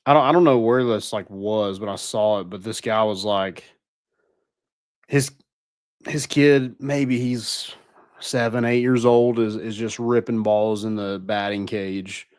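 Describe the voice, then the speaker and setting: A man's voice: lowish voice, steady tone, unhurried, darkish tone, smooth, no room sound, clean studio sound. A young man co-hosting a casual sports podcast, rambling with lots of "like" and restarts. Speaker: podcast co-host.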